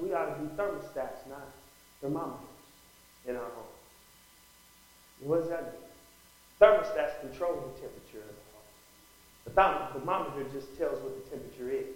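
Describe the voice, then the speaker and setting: A man preaching a sermon, his voice pitched high for a man and rising into bursts of emphasis. He calls out "Amen?" to the congregation, and his words ring around a very echoey room. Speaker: pastor.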